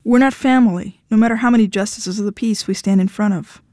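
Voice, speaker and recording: Woman putting on a blunt fiery young woman, sharp and cold, mellow tone, dry sound. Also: medium pitch, fast, dry recording, natural voice. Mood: cool.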